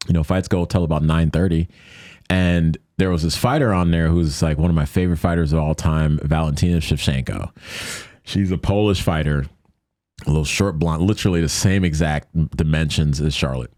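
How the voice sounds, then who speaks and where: A man with a very deep voice tells a personal story as a podcast guest, loose and rambling with frequent restarts. He jumps up into the voices of the people he quotes. The sound is dry and close, with no room around it. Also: a little fast, dry recording. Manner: animated, acts out quoted voices. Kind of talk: casual storytelling.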